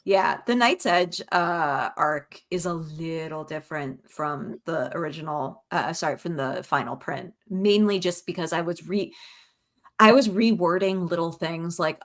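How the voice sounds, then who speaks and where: A woman author answering interview questions in a relaxed, wry way. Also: sits low. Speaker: author guest.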